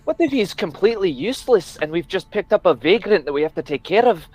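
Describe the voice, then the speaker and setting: A man's voice: high-pitched, expressive, fast talker, darkish tone. A man playing a tabletop game, raising doubtful practical questions in casual chat. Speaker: player.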